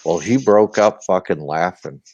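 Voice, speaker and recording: A man's voice: sits low, unhurried, a little mellow, no echo, lo-fi sound. An older man with a Boston accent, a former sailor telling profane, boisterous stories in a casual chat. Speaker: ex-sailor storyteller.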